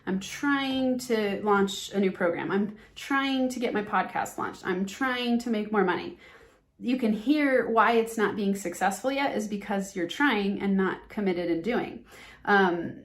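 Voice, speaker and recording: A woman's voice: medium pitch, measured pace. A woman hosting a motivational business podcast, talking earnestly and with emphasis, and acting out the phrases she wants listeners to drop. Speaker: podcast host and business coach.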